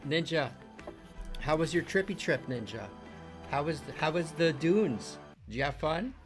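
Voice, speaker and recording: A man's voice: a little high, animated, unhurried, soft background music. A man hosting a casual chat, teasing the others and swearing freely. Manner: teasing, swears, calls people bro. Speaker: podcast host.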